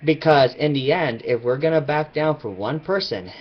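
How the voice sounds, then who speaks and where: A man's voice: a little high, moderate pace, few pauses, muffled recording. A man vlogging his opinions in a rambling, emphatic casual rant.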